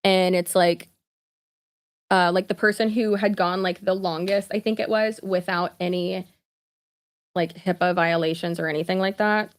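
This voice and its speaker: A woman's voice: fairly low pitch, steady tone, moderate pace. A woman, chatting casually on a live stream with lots of asides, fillers and laughter. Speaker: vlogger.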